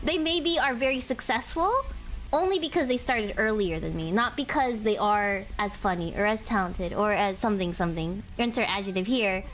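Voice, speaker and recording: A woman hosting a casual chat interview, chatty and giggly, with lots of quick okays. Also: medium pitch, soft background music. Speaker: interview host.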